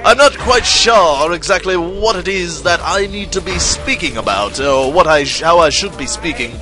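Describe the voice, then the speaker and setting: A young man doing casual gaming commentary, swearing often and excitable. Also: on the high side, moderate pace, music in the background.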